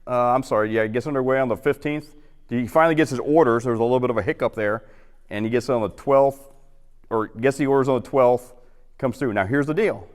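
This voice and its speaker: A man giving an informal history talk to a roundtable audience, chatty and acting out quotes in lively voices. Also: medium pitch, fast, smooth, long reverb tail. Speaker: guest historian. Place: lecture hall.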